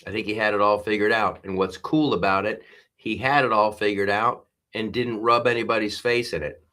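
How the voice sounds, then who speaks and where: A man's voice: fairly low pitch, fairly even intonation, fairly quick, pushed and bright. A man hosting a live stream, rambling through commentary with frequent restarts and laughing at his own jokes. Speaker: host.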